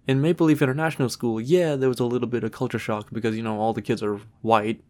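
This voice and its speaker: A man's voice: mid-range voice, steady tone, fast talker, darkish tone. A man from Trinidad, co-hosting a podcast in laid-back casual chat, swearing freely and using many fillers. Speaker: podcast co-host.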